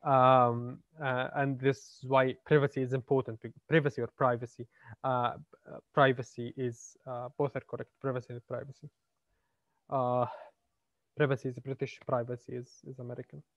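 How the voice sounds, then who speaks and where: A man's voice: mid-range voice, level tone, normal speed, no room sound. Man, literature lecturer, hesitant, lots of fillers, dry close sound, muffled lo-fi audio. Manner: hesitant, many fillers and repeated words. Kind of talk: classroom lecture. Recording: dry, slightly muffled lo-fi recording.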